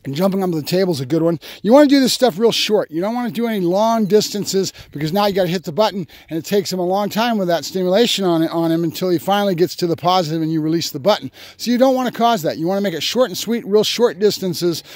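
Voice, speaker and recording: A man, a dog trainer, explaining his method step by step in a field, now and then breaking into excited praise for his dog. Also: sits high, quick pace, few pauses, no room sound, studio quality. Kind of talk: outdoor training demonstration. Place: open field outdoors.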